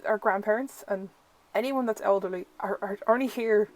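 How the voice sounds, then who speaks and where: A woman's voice: medium pitch, normal speed, poor audio. A young woman tarot reader, chatting through a first look at an oracle deck and filling her talk with "like". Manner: chatty, uses "like" a lot; gushing, easily delighted.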